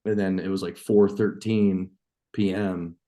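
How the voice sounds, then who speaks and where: A man from New York, a farmer and hunter, telling a story as a podcast guest, excited and profane. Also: low voice, a little slow. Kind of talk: casual storytelling.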